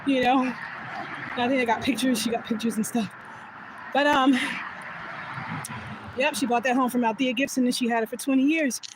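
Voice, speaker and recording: A woman with a fairly high voice tells an emotional story as she walks outdoors, speaking casually into her phone. She laughs often and sometimes drops to a soft whisper. Clear outdoor noise and passing traffic sit behind her voice. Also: steady tone, a little fast, long pauses. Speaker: vlogger. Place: outdoors, walking back from voting.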